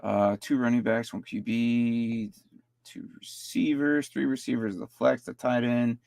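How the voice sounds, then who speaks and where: A man's voice: medium pitch, fairly even intonation, unhurried, vocal fry, darkish tone, no echo. A man casually reviewing fantasy football rosters on a live stream, rambling and often stumbling over and repeating his words.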